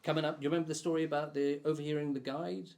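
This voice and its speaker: A man's voice: fairly high pitch, little pitch movement, rapid-fire, vocal fry, darkish tone. A man hosting a casual interview with a friend. He nudges the talk along by recalling memories they share. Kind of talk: casual chat.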